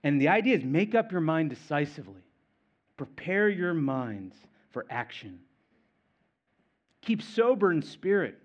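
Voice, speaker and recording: A man preaching a sermon, stressing and repeating key phrases, swinging between loud and quiet. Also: on the high side, big pitch swings, a little slow, long pauses, dull audio. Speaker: pastor.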